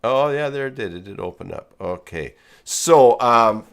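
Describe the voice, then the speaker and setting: A man's voice: medium pitch, lively intonation, a little slow, smooth. A man hosting a casual live stream from his studio, talking in a rambling way with many fillers and restarts. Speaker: host. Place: home studio.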